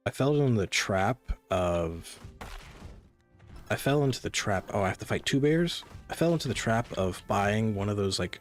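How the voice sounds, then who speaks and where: Man, gaming streamer, casual rambling chat, lowish voice, faint music behind. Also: fairly bright tone. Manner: rambling, chatty, talks to chat.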